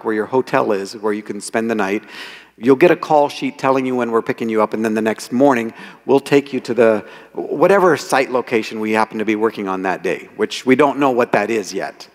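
A man telling lively anecdotes as the author speaking to an audience, quoting people as he goes. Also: mid-range voice. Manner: animated storyteller, quotes people in voices. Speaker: author giving a talk. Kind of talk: storytelling talk. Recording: reverberant hall.

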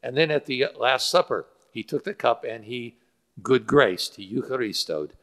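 A man's voice: mid-range voice, expressive, normal speed, a bit bright. A male pastor preaching a sermon that explains Greek word roots, with frequent fillers. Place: church sanctuary. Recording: church hall with long reverb.

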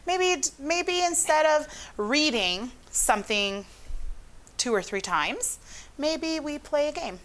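Slow and high-pitched, this woman's voice is expressive and slightly bright. She's a psychologist from Honduras giving an interview, stressing her points with lively, shifting intonation.

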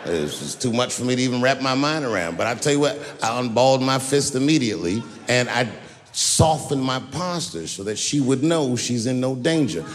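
A man performing a stand-up comedy routine, telling a profane story brashly and sometimes breaking into shouts. He is recorded live on a large stage before an audience. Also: mid-range voice, lively intonation, brisk. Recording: live venue with long reverb and audience noise.

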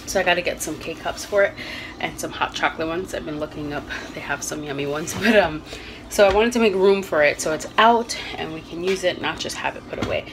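A young woman vlogging from her home kitchen, rambling and thinking out loud as she talks about her family day. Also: low voice, fairly quick, noisy background. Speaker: vlogger, mother. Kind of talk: casual home vlog chat.

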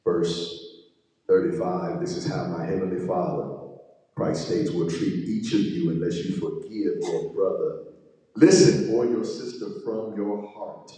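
A man's voice: low voice, fairly even intonation, a little slow, dark tone. A male pastor preaching a sermon, reading scripture and breaking off into asides and call-outs to his congregation. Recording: echoey hall, mic far off.

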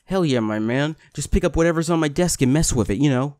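A man giving casual let's-play commentary, complaining, swearing and getting excited as he plays. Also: fairly high pitch, quick pace, no echo, clean studio sound. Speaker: gaming video host.

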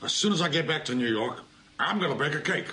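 An actor playing a petty, resentful middle-aged man who builds slowly to a furious punchline in a comedy sketch. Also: a little high, lively intonation, bright, forceful tone. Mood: aggrieved.

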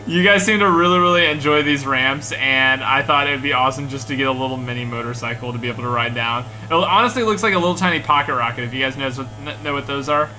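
A young man streaming a game, giving energetic commentary and often repeating himself. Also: medium pitch, fast talker. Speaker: gaming streamer. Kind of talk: excited live gameplay commentary.

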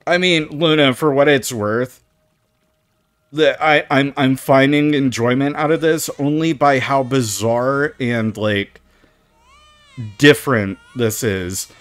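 A man's voice: mid-range voice, slow pace, no echo. A man commenting casually while he plays a game, stammering, swearing and reacting with disgust. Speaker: streamer playing a game. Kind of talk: casual live gameplay commentary.

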